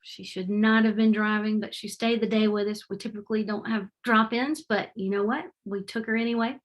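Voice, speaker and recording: A middle-aged woman giving a heartfelt, animated presentation over a video call. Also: medium pitch, fairly quick. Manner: warm, heartfelt and animated, with faith-tinged phrasing. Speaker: presenter at a webinar. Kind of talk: presentation with slides. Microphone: remote video call.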